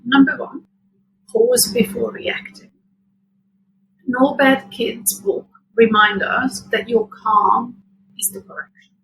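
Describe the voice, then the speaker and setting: A woman hosting a parenting show, giving scripted advice in a calm, measured, reassuring way. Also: a little high, a little hiss or hum, rough recording. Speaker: podcast host.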